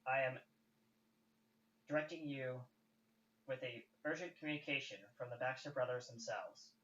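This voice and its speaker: A man voicing a polite tour-guide robot that speaks in measured, formal announcements. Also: mid-range voice, fairly bright tone, lightly acted. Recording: echoey room, distant dull mic.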